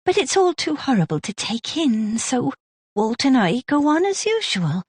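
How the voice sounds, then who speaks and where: A woman voicing a composed, eerie baker's widow who speaks softly in a gentle Gloucestershire accent. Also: high-pitched, big pitch swings, moderate pace, husky, no echo, voice pushed up, heavily acted. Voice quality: gentle, soft-spoken.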